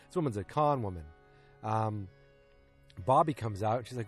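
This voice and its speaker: A man hosting a podcast, recapping an episode in a loose, casual way and acting out the characters' lines in quick quotes. He is recording outdoors in a park. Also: lowish voice, lively intonation, soft background music. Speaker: podcast host.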